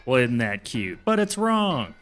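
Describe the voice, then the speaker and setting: Guy streaming a survival game, bright voice, keeps cracking himself up, faint music behind. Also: mid-range voice, wildly swooping pitch, a little slow. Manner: jokey, laughs often, talks to himself. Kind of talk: casual gameplay commentary.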